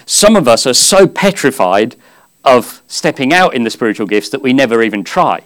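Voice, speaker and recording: A man preaching a sermon at a church service, earnest and conversational, with gentle humor. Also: mid-range voice, big pitch swings, moderate pace.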